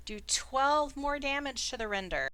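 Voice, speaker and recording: A woman's voice: high voice, lively intonation, measured pace, pushed and bright, no echo. A woman narrating as dungeon master in a casual way, with playful sound effects and fillers, over an online voice call. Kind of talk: narrating a tabletop game.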